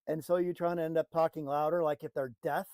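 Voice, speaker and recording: A man giving an earnest motivational talk, repeating phrases and often dropping to a soft, hushed voice for emphasis. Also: on the high side, flat delivery, fast, dry recording, rough recording. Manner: earnest, repetitive, drops to a soft hush for emphasis. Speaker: motivational speaker.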